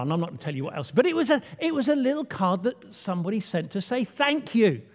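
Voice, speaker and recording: A man's voice: extremely high pitch, very animated, moderate pace, few pauses, darkish tone. A man, playful and chatty as he draws the congregation in. His voice rings out with a long reverb from a large church hall. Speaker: church leader. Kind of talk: all-age children's talk.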